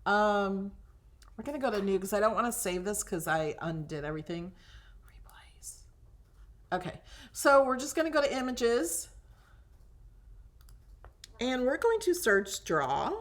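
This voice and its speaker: A woman hosting a casual crafting tutorial, chatting and thinking aloud as she browses designs, sometimes dropping to a whisper over things she likes. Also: medium pitch.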